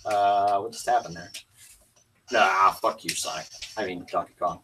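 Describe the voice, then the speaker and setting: A man livestreaming a fighting game, swearing and yelling outbursts between muttered comments. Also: on the low side, measured pace, recorded from a distance, slight background noise.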